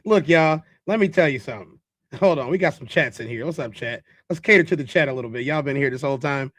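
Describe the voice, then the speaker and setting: A man's voice: mid-range voice, fast, fairly bright tone, no echo. Emphatic male host with a dry voice. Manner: emphatic, talks straight to chat. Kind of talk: casual live-stream commentary.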